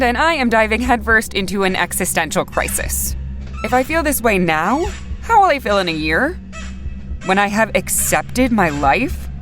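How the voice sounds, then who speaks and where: Young woman, first-person story narration, dramatic mood swings, lowish voice, soft music underneath. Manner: dramatic, swings between rage and quiet despair. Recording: faint music bed.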